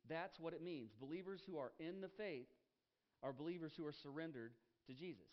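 Emphatic pastor, dull headset sound. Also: male voice, fairly high pitch, brisk. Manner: emphatic, repeats key phrases, asks the congregation questions. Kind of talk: sermon.

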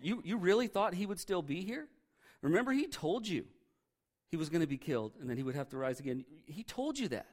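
A man's voice: on the high side, very animated, fairly quick. A man voicing condescending angels who mock and question humans in disbelief. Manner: mocking, incredulous questions.

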